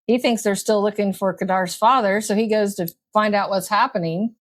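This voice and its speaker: A woman co-hosting a casual recap chat, agreeable and quick with short affirmations. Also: mid-range voice, steady tone. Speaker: co-host of a TV drama recap show.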